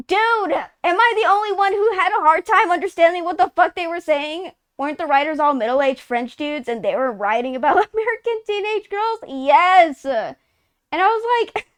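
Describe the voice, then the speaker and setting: A woman's voice: extremely high pitch, lively intonation, normal speed, fairly bright tone, no room sound. A woman in her twenties from Texas, chatting casually on a live stream, rambling, swearing often and saying "like" constantly. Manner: rambling, profane, heavy use of "like".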